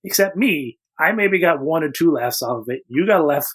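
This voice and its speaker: Male co-host, casual and blunt critic, slightly high, animated pitch. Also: a little fast. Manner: blunt, opinionated movie critic with many restarts. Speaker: podcast co-host. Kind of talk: casual chat.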